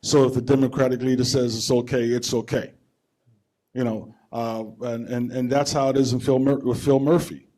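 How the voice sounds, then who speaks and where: A man's voice: medium pitch, little pitch movement, moderate pace, dark tone. A man from New Jersey speaking on a conference panel in an informal, rambling way, with restarts and chuckles. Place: conference hall.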